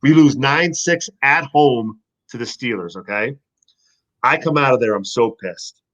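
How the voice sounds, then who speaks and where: A man, a former football player, telling stories in a casual podcast chat, animated and profane. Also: mid-range voice, measured pace, rough recording.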